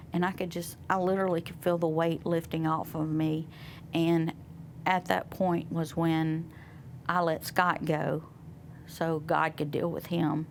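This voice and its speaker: A woman guest sharing a personal testimony in conversation, soft and reflective, pausing often. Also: low-pitched, gravelly, slight background noise. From Southern United States. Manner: soft, reflective, with many pauses and fillers. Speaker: interview guest.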